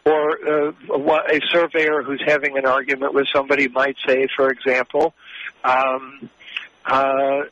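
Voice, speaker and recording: A man working as a mediator, answering interview questions in a measured, explanatory way with frequent hesitations. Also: mid-range voice, flat delivery, a bit bright, lo-fi sound.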